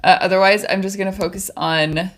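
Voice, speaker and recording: A young woman paints on a livestream from her home studio, chatting casually into a desk mic. She's bubbly and rambling, often trailing off and starting over. Her voice is mid-range, brisk, and fairly bright, with a steady tone.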